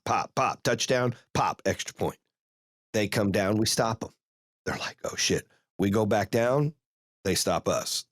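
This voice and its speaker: A man hosting a podcast, telling a story in a casual, profane, animated way and rattling off rapid play-by-play. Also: low-pitched, no echo, clean studio sound. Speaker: podcast host.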